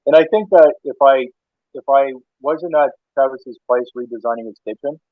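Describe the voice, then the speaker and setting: In a relaxed interview, a Canadian man who works as an interior designer rambles through anecdotes with many restarts. He talks at normal speed in a medium pitch, and the dry, tinny, phone-like audio has no room sound.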